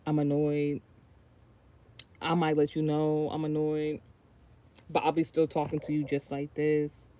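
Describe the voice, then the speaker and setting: A woman's voice: low voice, mellow. Chatty profane American woman. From United States. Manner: rambling, profane, chatty, often trailing off and restarting. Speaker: tarot card reader. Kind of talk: casual livestream chat and tarot reading.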